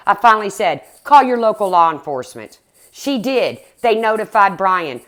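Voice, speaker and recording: A woman's voice: mid-range voice, very animated, normal speed, dry recording. A middle-aged woman ranting bluntly and heatedly on her livestream, swearing as she talks to her viewers. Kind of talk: angry livestream rant.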